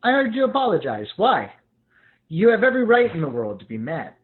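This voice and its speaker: A needling, sarcastic young clerk who lectures his friend, read by a man. His voice sits high and bounces around, and it comes through a tinny, phone-like line. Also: huge pitch swings, a little fast. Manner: teasing, lecturing. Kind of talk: live script reading.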